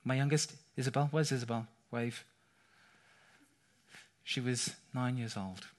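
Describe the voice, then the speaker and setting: A middle-aged man preaching a sermon, telling a personal story with animated, dramatic delivery. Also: medium pitch, measured pace. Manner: animated storytelling, rising to cries at dramatic moments.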